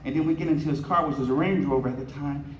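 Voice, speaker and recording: Speaking quickly in a somewhat high voice, this man in his fifties tells humorous stories in a luncheon keynote, animatedly voicing the quoted lines and joking with listeners. The banquet hall recording is echoey, far off and slightly dull, with a faint hiss or hum.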